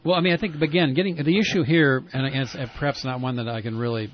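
A man hosting a casual talk show, speaking in a rambling, halting way with frequent restarts. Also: medium pitch, fairly even intonation, muffled recording. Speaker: talk radio host. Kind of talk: casual conversational interview.

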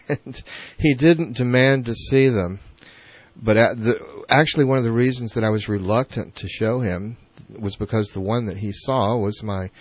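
A man's voice: lowish voice, muffled recording. A man guest on a talk show, telling a story hesitantly with many fillers. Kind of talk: casual conversational interview.

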